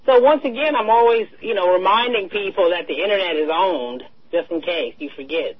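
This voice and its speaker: A woman co-hosting a talk radio show, in casual political chat that is animated and slangy. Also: mid-range voice, brisk, slightly rough. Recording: dull lo-fi radio sound.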